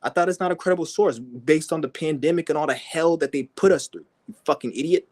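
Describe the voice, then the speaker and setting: A man giving a profane, aggressive ranting monologue, mocking and swearing constantly. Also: fast. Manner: mimics people in high whiny voices. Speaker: vlogger.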